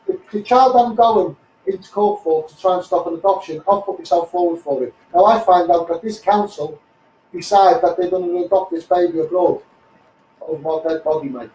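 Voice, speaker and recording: A man's voice: high voice, dark tone, echoey room, distant mic, slight background noise, low-quality recording. A man with a Scouse accent ranting to camera on a livestream, fired up and repetitive, calling his viewers mate. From England. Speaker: self-styled campaigner on a livestream. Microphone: phone livestream.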